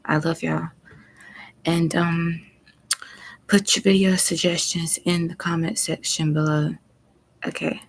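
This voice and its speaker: A woman hosting a live stream, signing off to her viewers in a relaxed, informal way. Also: lowish voice, slow pace, vocal fry, pauses often, poor audio. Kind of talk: casual sign-off to viewers.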